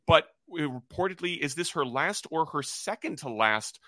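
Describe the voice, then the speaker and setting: A man co-hosting a wrestling podcast, speaking in a measured, articulate way with many "uh" pauses. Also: on the high side, animated, sharp tone, dry recording. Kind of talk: casual preview chat.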